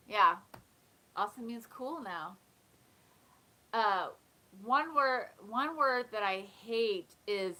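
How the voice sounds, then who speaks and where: A woman's voice: on the high side, pushed and bright, rough recording. A woman hosting a casual live chat, talking in a chatty way, often laughing and reading comments aloud. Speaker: live stream host.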